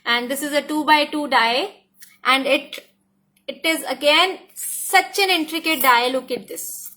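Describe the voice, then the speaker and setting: An Indian woman with a high, bright voice walks through a craft product demo with eager enthusiasm. She repeats herself often and drops into Hindi now and then. Her tone stays lively and keeps inviting you to look closer. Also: measured pace. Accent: Indian English. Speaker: craft die designer presenting new products. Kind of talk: product demonstration tutorial.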